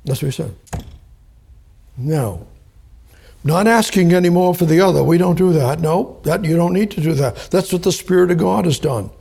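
A man teaching the Bible verse by verse, slow and deliberate, spelling out and repeating key words. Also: fairly high pitch, gravelly, mellow, husky.

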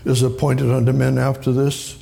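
A man's voice: medium pitch, completely flat delivery, moderate pace, vocal fry, mellow. A man preaching a sermon, rambling and emphatic, often repeating himself for stress. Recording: echoey hall with long reverb.

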